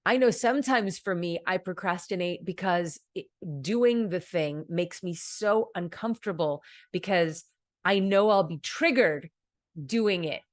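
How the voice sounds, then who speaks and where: A woman's voice: lowish voice, measured pace, no room sound. A woman streamer giving casual advice in an earnest, rambling way, acting out her own thoughts as she goes.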